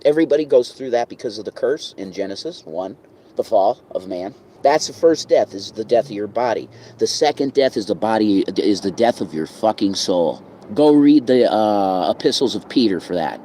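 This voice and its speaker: A reverend talking casually outdoors in a rambling, profane, preachy rant. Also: male voice, on the low side, expressive, normal speed, mellow, a little hiss or hum, poor audio.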